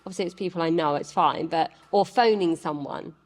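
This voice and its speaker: A woman's voice: lowish voice, a little fast, darkish tone, in a large hall. A woman co-hosting a podcast, talking casually and reassuringly in a coaching way. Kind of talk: casual chat.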